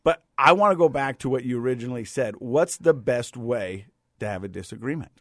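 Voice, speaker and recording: A man's voice: medium pitch, lively intonation, fairly quick, no room sound. Middle-aged male podcast co-host, chatty storyteller, dry close sound. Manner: storytelling, warm-hearted, says "you know" a lot. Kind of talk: casual chat.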